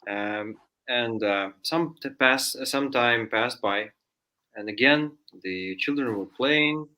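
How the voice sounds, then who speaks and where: Casting: bright, forceful male storyteller from Russia, loose and chatty, studio read. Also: medium pitch, slow pace. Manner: chatty, many fillers, acts out voices in story. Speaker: guest storyteller. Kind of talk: casual spoken storytelling.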